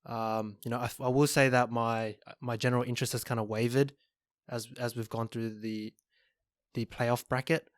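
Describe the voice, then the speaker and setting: A man co-hosting a sports podcast, talking in a measured way with frequent pauses and restarts. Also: mid-range voice, flat delivery, no echo, studio quality. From Australia. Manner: measured, hesitant, lots of ums and restarts. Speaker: podcast co-host. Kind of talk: casual chat.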